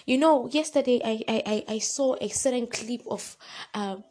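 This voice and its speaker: A woman delivers a devotional exhortation in an earnest, repetitive way, rising to fervent emphasis. Her voice sits a little high for a woman. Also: normal speed, rough recording. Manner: retells a story with lively acted quotes. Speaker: preacher.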